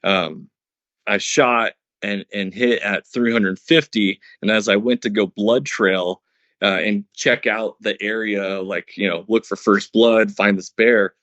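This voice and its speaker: A man with a low voice tells his story earnestly and in order, often restarting his sentences. His audio sounds a little muffled and lo-fi, and it is dry, with no room echo. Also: steady tone, measured pace, fairly bright tone. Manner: earnest, explains step by step with many restarts. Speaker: podcast guest, hunter. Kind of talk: casual storytelling interview.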